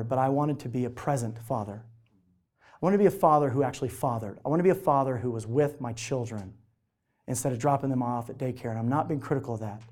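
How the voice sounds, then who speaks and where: A middle-aged man speaking to a live audience, telling personal stories in an animated way and acting out the voices of the people in them. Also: mid-range voice. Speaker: motivational speaker.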